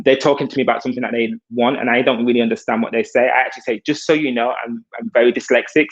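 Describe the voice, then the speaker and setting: This male hairstylist, appearing as a guest on a video call, shares his experience as a self-taught artist with earnest reflection. The exchange feels heartfelt and conversational, carried by a mid-range voice through dull audio.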